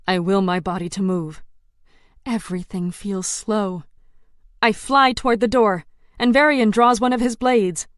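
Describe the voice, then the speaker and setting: A woman's voice: medium pitch, measured pace, no echo. A woman reading a first-person audiobook with tense, dramatic delivery. Her voice sits in a middle range. The recording is dry and close. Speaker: audiobook narrator.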